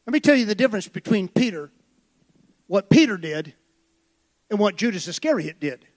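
A man preaching a sermon with passion, building to shouted high points. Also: big pitch swings, normal speed. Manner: impassioned preaching that swells to shouts.

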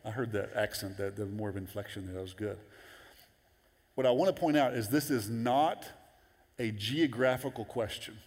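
Animated preacher in a reverberant hall. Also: male voice, moderate pace, pauses often. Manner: animated, jumps into high excited voices for quotes. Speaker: pastor. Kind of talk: sermon. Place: large church auditorium.

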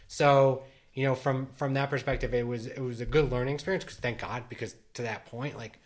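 A man's voice: mid-range voice, steady tone, a little fast. Middle-aged male podcast co-host, rambling, filler-heavy casual delivery. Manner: rambling, many restarts and "like" fillers. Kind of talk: casual chat.

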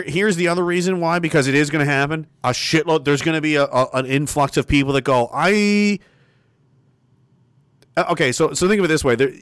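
Brief: swearing livestream host, lively pitch, dry close sound, jumps from loud to muttered. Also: male voice, dry recording. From Canada. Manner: profane, animated, swinging between loud emphasis and muttering. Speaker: livestream host reading viewer comments. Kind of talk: casual ranting livestream monologue.

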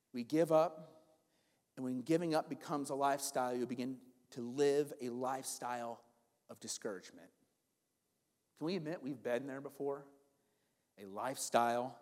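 Pastor in his forties preaching in a reverberant church. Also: fairly high pitch. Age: 40s. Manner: swings from loud preaching to soft storytelling. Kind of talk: sermon.

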